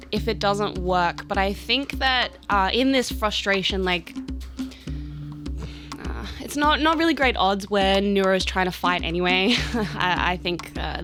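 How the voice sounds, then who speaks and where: A woman playing in a tabletop role-play, hesitant with many fillers. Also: medium pitch. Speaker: player.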